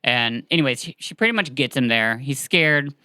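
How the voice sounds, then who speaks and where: A podcast host casually retelling a story in a chatty, animated way, with filler words. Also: medium pitch, moderate pace, smooth, dry recording.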